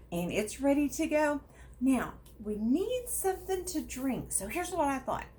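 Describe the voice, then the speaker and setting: Middle-aged woman, bouncy animated pitch, chatty host demo, faint room noise. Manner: chatty, upbeat, lively pitch. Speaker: product demonstrator. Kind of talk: casual product demo.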